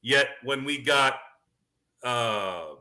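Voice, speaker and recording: A man hosting a casual sports show on a livestream. He rambles from one thought to the next and restarts his sentences often. In between, he reads viewer questions out loud. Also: mid-range voice, lively intonation, extremely slow. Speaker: podcast host.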